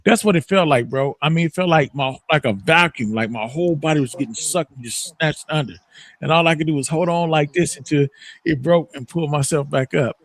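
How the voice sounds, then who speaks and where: Animated profane man telling a story. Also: on the high side, fairly quick. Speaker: morning show host. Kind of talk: casual chat.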